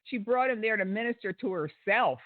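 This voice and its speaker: A man hosts an online show and delivers critical commentary in a fairly high voice. He talks in an indignant, sarcastic way, with frequent ums and restarts. The sound is dry and thin, like a phone line. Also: animated, brisk, no echo. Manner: indignant, sarcastic, many fillers.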